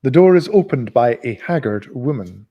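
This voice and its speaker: A man reading a novel aloud in a live reading, expressive and giving the characters voices. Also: medium pitch, normal speed, muffled recording. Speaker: audiobook reader.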